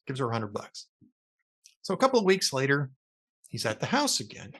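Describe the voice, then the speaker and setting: A middle-aged man hosting a talk show, telling long jokes in a relaxed, chatty way. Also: a little fast, pauses often, breathy edge. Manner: lively storyteller, animated pitch. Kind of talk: casual joke-telling chat.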